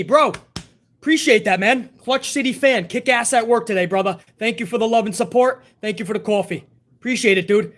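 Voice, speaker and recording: A man's voice: high-pitched, brisk, fairly bright tone. A man hosting a live stream, chatting casually and profanely and answering viewer messages. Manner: profane, laid-back banter, reading viewer messages.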